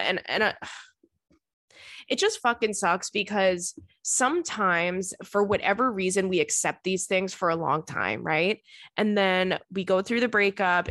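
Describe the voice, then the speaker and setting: A woman in her thirties giving blunt, fired-up advice in casual chat, swearing freely and getting loud as she gets riled up. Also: medium pitch, no room sound, studio quality. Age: 30s. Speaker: podcast host giving advice.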